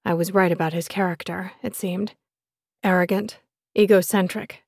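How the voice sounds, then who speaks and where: A woman's voice: on the low side, fairly even intonation, moderate pace, creaky, no room sound, clean studio sound. Woman reading a romance audiobook. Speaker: audiobook narrator. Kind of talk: first-person romance novel narration.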